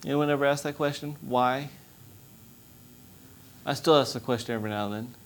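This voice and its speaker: Male preacher, young adult, mid-pitched, testimony sermon, pleading intensity. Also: fairly quick, slight background noise. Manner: impassioned, rising to loud pleading. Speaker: missionary preacher.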